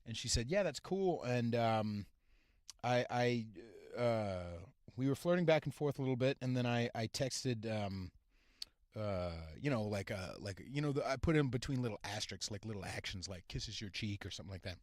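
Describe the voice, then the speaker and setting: A man hosting a podcast, delivering a crude, profane rant that swings between mumbling and shouting. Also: mid-range voice, moderate pace, no room sound, clean studio sound. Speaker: podcast host. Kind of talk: profane ranting monologue.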